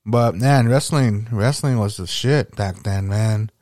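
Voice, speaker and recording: A man's voice: on the low side, slow pace, a little mellow, no echo, studio quality. A man hosting a podcast, chatting casually and nostalgically, rambling with lots of fillers and swearing. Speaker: podcast host.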